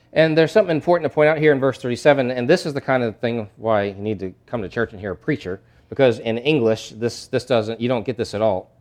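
A male pastor preaching a sermon, animated and conversational, acting out scenes from scripture. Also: medium pitch. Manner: animated, acts out disciples' voices.

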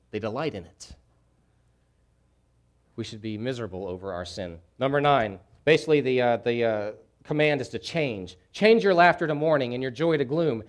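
Fervent preacher man, loud then hushed. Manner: swings from hushed, grave lows to loud, fervent emphasis; repeats key phrases for emphasis. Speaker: pastor. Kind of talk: sermon.

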